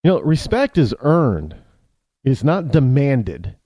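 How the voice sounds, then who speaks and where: American male talk radio host, lively delivery, mellow tone, rambling opinionated monologue, dry studio sound. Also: mid-range voice, slow, no echo. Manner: rambling, with many restarts and asides. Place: New England.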